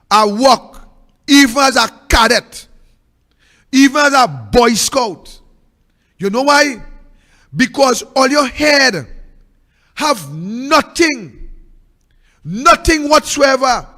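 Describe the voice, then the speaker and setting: Fiery high-voiced Trinidadian man ranting. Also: sharp tone, big-room sound. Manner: fiery, ranting, repetitive, at times sing-song. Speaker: political commentary host. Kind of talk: impassioned political monologue.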